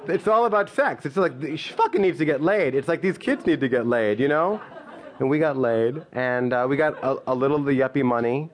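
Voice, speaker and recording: A man's voice: mid-range voice, a little fast, a faint crowd. Male comedian in his fifties, stand-up storyteller; rambling, stop-start delivery with plenty of "like", self-mocking and playful.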